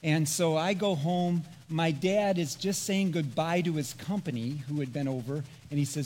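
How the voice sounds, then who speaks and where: A middle-aged man preaching a sermon, telling a personal story in an earnest, animated, self-deprecating way. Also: fairly high pitch, normal speed, few pauses, slight background noise. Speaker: pastor.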